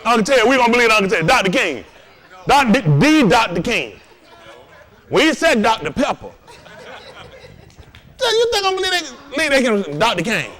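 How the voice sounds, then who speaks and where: An animated man hosts a loose, joking lesson talk. His voice runs high and swings widely in pitch. He tells stories full of laughter. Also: normal speed, long pauses, a faint crowd. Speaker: host and teacher.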